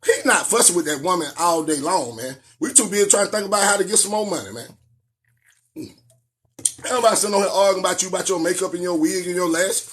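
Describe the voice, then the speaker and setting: A man's voice: high-pitched, fast, a bit bright. A middle-aged man, ranting in a preachy and profane live-stream monologue that breaks into sing-song.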